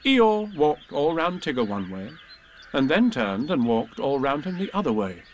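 A man reads a children's storybook aloud in a slow, expressive way. His voice is a little higher than most men's, and his pitch rises and falls a lot as he tells the story. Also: a little hiss or hum.

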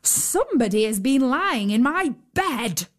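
A woman voicing a huge male bear with a gruff voice in a storybook reading. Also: sits high, big pitch swings, measured pace, voice pushed up. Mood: grumbling.

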